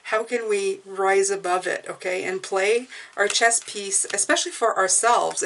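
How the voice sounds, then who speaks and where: A woman's voice: medium pitch, heavy background noise. A woman giving a casual spoken tarot reading, chatty and reassuring, often restarting phrases and checking in with "okay?". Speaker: tarot reader.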